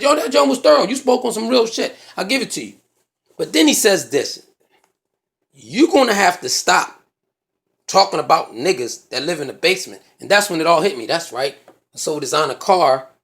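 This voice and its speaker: A man's voice: a little high, creaky, a bit bright. A man with a Philadelphia accent telling a comedic story, profane and full of slang, acting out both sides of an argument.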